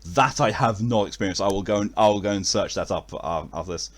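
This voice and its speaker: At a quick pace and in a lowish voice, a man from England closes out a stream with casual chat to his viewers, rambling and full of fillers and restarts.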